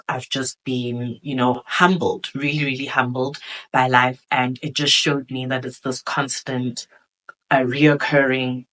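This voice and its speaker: A woman's voice: rumbling low, fairly bright tone, low-quality recording. A woman in her twenties hosting a podcast, talking candidly and reflectively in a conversational way, with plenty of fillers. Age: 20s. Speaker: podcast host.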